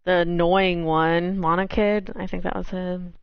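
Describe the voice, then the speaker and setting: A woman's voice: lowish voice, steady tone, unhurried, gravelly, smooth, dry recording. A woman chatting bluntly and swearing as she plays a game, reading its lines aloud. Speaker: game player. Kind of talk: casual game playthrough chat. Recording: dull recording with faint game music.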